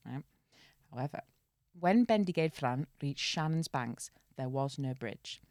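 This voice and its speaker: Female podcast host, low voice, dry close mic, chatty tale reading with jokey asides. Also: a little slow, darkish tone, dry recording. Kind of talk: casual storytelling podcast.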